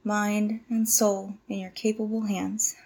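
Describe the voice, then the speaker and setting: A woman's voice: medium pitch, level tone, slow, gravelly, a little mellow, husky, exaggerated voice. A woman in her twenties playing a nervous young cult initiate who stammers, apologizes and tries hard to please. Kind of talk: audio drama monologue.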